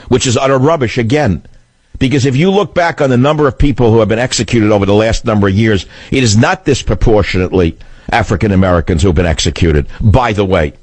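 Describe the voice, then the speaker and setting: A man's voice: medium pitch, no echo. A man hosting a political talk radio show, delivering a combative, sarcastic monologue into a studio microphone. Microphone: studio broadcast mic.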